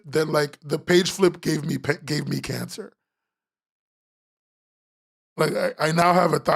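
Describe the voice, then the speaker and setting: A man's voice: high-pitched, vocal fry, husky. A man hosting a webcomics podcast, ranting sarcastically as he critiques comic pages, swearing and laughing.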